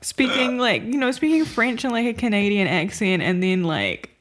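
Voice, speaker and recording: On a podcast she co-hosts, a woman rambles casually about movies she's watched, her high, animated voice moving at a normal clip and full of filler words and laughter.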